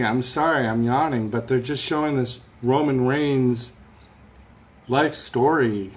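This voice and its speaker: A man's voice: mid-range voice, takes it slowly. A man hosting a casual live stream chat, rambling and reading out viewer comments from his room at home. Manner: rambling, chatty, reads viewer comments aloud. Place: home room with a fan running.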